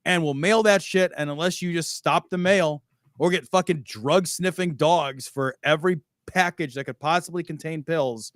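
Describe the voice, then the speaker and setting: A man tosses off a defiant, swearing woman abroad. The voice sits high and dry, boasting and scoffing at the rules. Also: normal speed, fairly bright tone, dry recording, lightly acted. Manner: profane, boastful.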